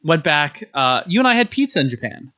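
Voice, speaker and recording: A young adult man in casual chat, rambling and halting, with many restarts as he recounts his day. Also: fairly high pitch, sing-song, pushed and bright, muffled recording. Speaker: podcast guest.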